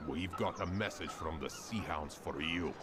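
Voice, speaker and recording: An actor playing a threatening male messenger in video game dialogue, delivering his words in a slow, ominous way. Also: deep voice, noisy background, natural voice. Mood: menacing.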